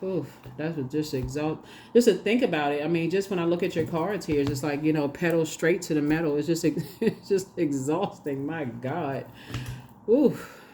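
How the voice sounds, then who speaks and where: A woman with a lower voice giving a relaxed tarot reading to camera. She talks in a chatty, animated way, laughs often, repeats herself and speaks directly to her viewers. A faint hiss sits behind her. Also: moderate pace. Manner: addresses viewers directly and casually. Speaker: tarot reader.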